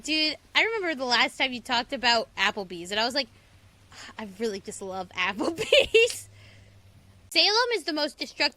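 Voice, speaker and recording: A young adult woman streaming games, chatting and joking, and bursting into loud screams and curses. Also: sits high, no echo. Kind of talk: livestream gaming commentary.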